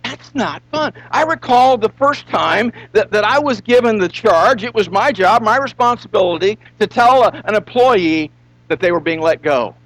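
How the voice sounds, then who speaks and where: A man's voice: high-pitched, lively intonation, normal speed, fairly bright tone, poor audio. A man preaching a sermon as pastor, emphatic, asking rhetorical questions and stretching out repeated phrases.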